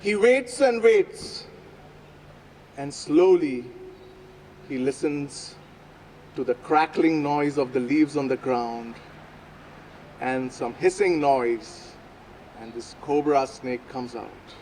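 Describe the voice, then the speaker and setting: A man telling a folk story aloud at a live event, with slow, deliberate phrasing and dramatic pauses. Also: mid-range voice, lively intonation, a little mellow, slight background noise, rough recording. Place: outdoor public plaza.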